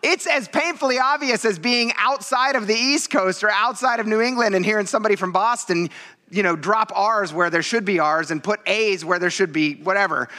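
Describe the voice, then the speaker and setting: Man, pastor, sermon, animated storyteller, high voice, bright tone. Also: a little fast. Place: church.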